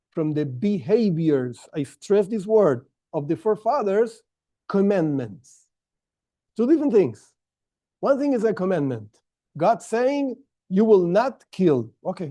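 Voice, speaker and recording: A man's voice: sits high, dark tone. Man teaching a Torah class, stressing words. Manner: explanatory, stresses key words, frequent restarts.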